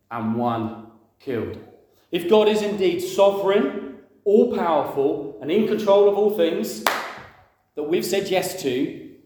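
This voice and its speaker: This man's voice sits on the high side with a warm tone. He delivers a conversational sermon, putting questions to the congregation and acting out the voices he quotes, all in a very echoey room.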